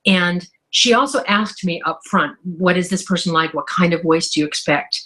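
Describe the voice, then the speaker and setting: A woman's voice: on the low side, normal speed, fairly bright tone. A woman author answering interview questions in a thoughtful, enthusiastic way. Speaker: author guest.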